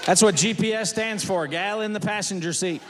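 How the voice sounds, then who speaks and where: A man's voice: high-pitched, fairly quick, big-room sound, heavy background noise. A man performing a stand-up routine, firing off folksy one-liners on stage before a laughing audience. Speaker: stand-up comedian.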